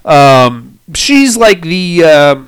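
A man's voice: on the high side, sing-song, very slow, clear, resonant tone. A young man casually recapping a movie on a podcast, joking crudely and laughing often. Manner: joking, laughs often, acts out quoted lines.

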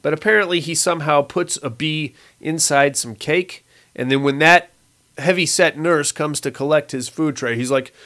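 A young man with a slightly high voice talks through a horror episode in a loose, joking way. He chuckles at the story and stays casually sarcastic throughout. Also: normal speed, sharp tone. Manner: sarcastic, laughs at the plot, acts out characters' lines. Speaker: episode recap commentator. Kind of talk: casual comedic plot recap.

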